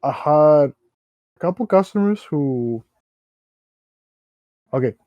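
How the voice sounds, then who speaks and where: A young man of Mexican background co-hosts a casual podcast, telling rambling work stories packed with slang and fillers. His voice is fairly high and animated but slow-paced, in a dry, lo-fi recording.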